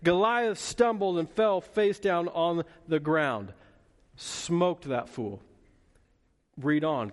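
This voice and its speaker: A man preaching a sermon as pastor, lively and playful, with asides to the congregation. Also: mid-range voice, long reverb tail. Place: church hall.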